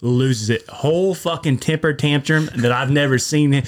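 A man co-hosting a podcast, telling a story in a lively, foul-mouthed way and acting out what others said. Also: mid-range voice, moderate pace. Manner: animated, profane, acts out quotes. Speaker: podcast co-host. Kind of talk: casual storytelling.

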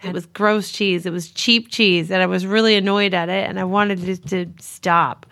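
A woman co-hosting a casual movie review podcast, ranting in an animated, jokey way. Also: mid-range voice, normal speed, no echo, studio quality. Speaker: podcast co-host.

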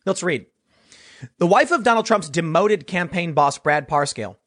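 A man with a high, fairly bright, husky voice hosts a political commentary show. He talks casually and sarcastically, reading news stories aloud and mocking people by putting on quoted voices.

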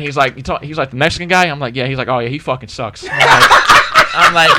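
A young man telling a story in a casual chat, animated and profane, acting out both sides of the dialogue. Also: medium pitch, fairly quick, few pauses, heavy background noise. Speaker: podcast co-host.

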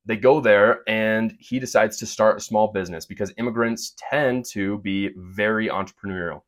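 Opinionated podcast man, low voice. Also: steady tone. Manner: earnest, opinionated, quick asides with fillers. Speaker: podcast host. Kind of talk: opinion monologue with sponsor read.

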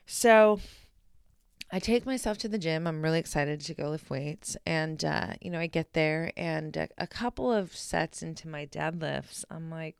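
A woman's voice: low voice, normal speed, creaky, clean tone, no room sound, studio quality. A young adult woman hosting a solo podcast, talking candidly and energetically, swearing freely and speaking straight to her listeners. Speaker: podcast host. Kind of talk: casual solo podcast monologue.

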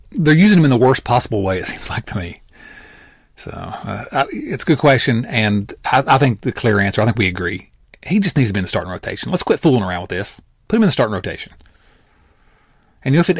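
A man's voice: medium pitch, creaky, breathy edge, no room sound, studio quality. A man co-hosting a casual sports podcast, rambling with fillers and teasing his partner. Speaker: podcast co-host.

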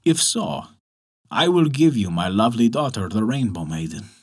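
Give me a man playing an old witch hostess, ceremonious and measured, with an expressive lilt. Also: fairly low pitch, slightly rough, pitched below the performer's own voice.

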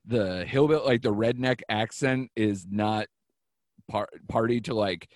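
Low-voiced man hosting a film podcast. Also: no room sound, clean studio sound. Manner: digressive, with quick laughing asides. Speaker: podcast host. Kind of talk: casual film review chat.

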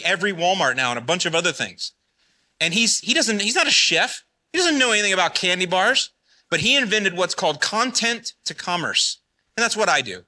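A man in his forties giving an energetic conference talk, often firing questions at the audience. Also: on the high side. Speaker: conference speaker.

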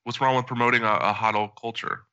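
A man's voice: medium pitch, little pitch movement, fairly quick, bright, forceful tone, smooth, dull audio. A man hosting a podcast in a laid-back, playful casual chat. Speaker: podcast host.

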